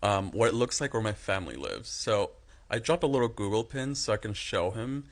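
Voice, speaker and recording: A man telling a story to camera in a brisk, dry way. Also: lowish voice, expressive.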